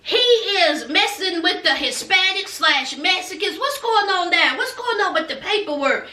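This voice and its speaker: A woman's voice: extremely high pitch, animated, moderate pace, pushed and bright, recorded from a distance. A woman chatting through a TV recap, sassy and gossipy, calling her viewers "honey" and "child.". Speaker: TV recap vlogger. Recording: echoey room, voice off-mic.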